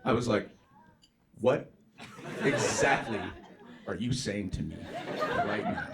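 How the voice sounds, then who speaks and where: A male stand-up comedian doing a profane, brash set on stage, jumping into loud mocking voices for punchlines. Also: mid-range voice, wildly swooping pitch, slow pace, over a noisy crowd. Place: comedy club stage with live audience. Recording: live club recording with audience noise.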